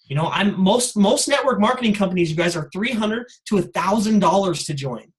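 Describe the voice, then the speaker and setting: Man with a high voice, high-energy motivational speaker, casual filler-heavy delivery. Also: fairly quick, low-quality recording. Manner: energetic, casual, many "like" and "you guys" fillers. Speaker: guest speaker on a sales call. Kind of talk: motivational call talk.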